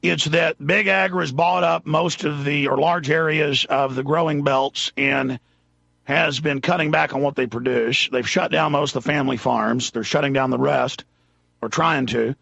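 A man's voice: a little high, fairly even intonation, moderate pace, creaky, fairly bright tone, dry recording, muffled recording. A man hosting a call-in radio talk show, rambling and losing his train of thought as he goes.

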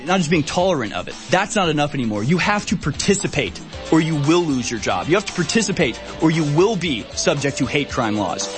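A man delivering opinionated commentary in a sarcastic, emphatic ranting manner. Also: on the high side. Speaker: political commentator.

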